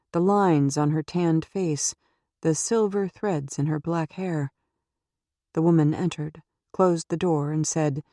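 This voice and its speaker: A woman reading a suspense audiobook in a steady, measured way into a close microphone. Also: lowish voice, no room sound. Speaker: audiobook narrator. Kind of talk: scripted audiobook narration.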